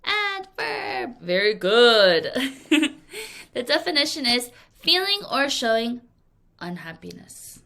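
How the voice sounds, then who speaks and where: A woman teacher walks young learners through vocabulary, her voice bright and ringing. She swings her pitch up and down as she acts out each example with playful drama. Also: big pitch swings, slow, creaky. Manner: laughs often at her own acting. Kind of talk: recorded vocabulary lesson for young students.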